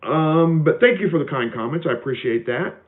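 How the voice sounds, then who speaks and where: A man's voice: on the high side, brisk. Guy on a livestream reading comments, laid back, lots of ums, sounds like a tinny phone. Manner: relaxed, chatty, many fillers and restarts. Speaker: homestead livestream host. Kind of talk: casual live Q&A reading viewer comments.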